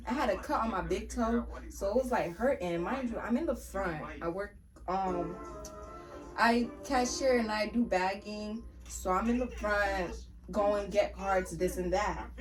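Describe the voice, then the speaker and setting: A young woman vlogger telling a casual storytime about work, animated, slangy and full of swearing. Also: medium pitch, far from the mic.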